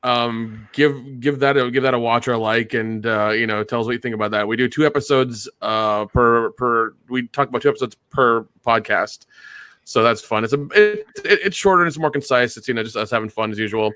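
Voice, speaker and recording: A man chatting as a podcast guest, halting and often repeating his words. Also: medium pitch, bright, forceful tone, clear, resonant tone, no echo. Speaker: guest, fellow channel creator. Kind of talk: casual chat.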